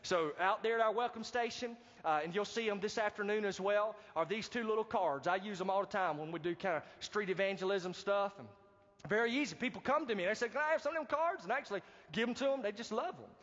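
A man preaching a sermon as pastor, animated and calling out to the congregation for responses. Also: high voice, fast. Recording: dull, reverberant hall recording.

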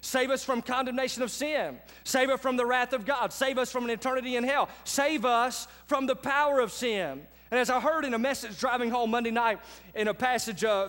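A man preaching a sermon as pastor, talking to the congregation like a friend and swinging between quiet asides and loud, emphatic lines. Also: very high-pitched, long reverb tail. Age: adult with children.

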